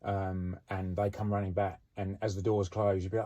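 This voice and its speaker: A man's voice: fairly low pitch, level tone, moderate pace, dark tone. A middle-aged man, a former police officer, casually telling anecdotes with lots of "you know" and "um". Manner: chatty, frequent "you know" and "um".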